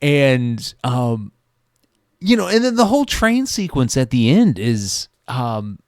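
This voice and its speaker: A man's voice: mid-range voice, slow, no echo, studio quality. A man co-hosting a podcast, reviewing a movie in casual, rambling chat, swearing freely and restarting his sentences. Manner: rambling, profane, animated storytelling with many restarts. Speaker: podcast co-host.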